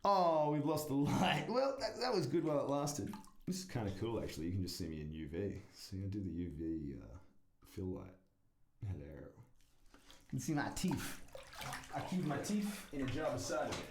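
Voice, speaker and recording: With a low, darkish voice whose pitch swoops wildly, a male vlogger talks to camera at normal speed. He rambles casually, mocks himself, swears constantly and laughs at his own jokes, in an echoey room with faint noise.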